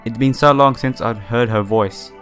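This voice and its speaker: A man's voice: medium pitch, moderate pace, fairly bright tone, soft background music, close to an everyday voice. A man reading a visual novel's lines for an earnest, lonely young woman who trains as an idol, in his own plain voice without a girl voice. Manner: plain read-aloud delivery in his own voice.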